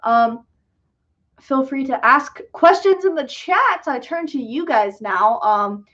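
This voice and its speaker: A woman's voice: high-pitched, expressive, takes it slowly, fairly bright tone. A young woman hosting a casual livestream Q&A, chatty and self-deprecating, with lots of fillers and laughs. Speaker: livestream host and filmmaker. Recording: dull lo-fi sound.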